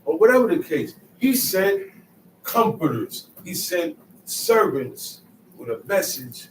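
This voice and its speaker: A man's voice: sits high, sing-song, slow, slight background noise. Emphatic man preaching in an echoey room. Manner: emphatic, repeats phrases, swings from soft asides to loud outbursts. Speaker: teacher. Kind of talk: street-talk Bible teaching. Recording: echoey room, mic set far off.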